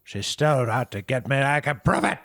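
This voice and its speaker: A man's voice: mid-range voice, normal speed, a bit bright, no room sound, pitched above the performer's own voice, close to an everyday voice. A man voicing a paranoid male tavern brewer who screams and rants about a rival. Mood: ranting. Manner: screaming, ranting, frantic.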